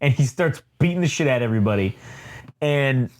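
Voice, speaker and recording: A man co-hosting a casual podcast, retelling a comic book plot in a profane, rambling, animated way. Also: medium pitch, brisk. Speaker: podcast co-host.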